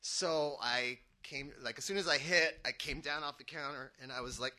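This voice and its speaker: A man telling a lively personal story to an audience, chuckling as he goes. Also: mid-range voice, normal speed. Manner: animated, chuckling through his own story.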